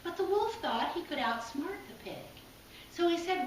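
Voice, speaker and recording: A woman's voice: very high voice, lively intonation, normal speed, slight background noise. A woman preacher telling a folk tale during a sermon in an easy, folksy storyteller manner. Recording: echoey hall, from far off.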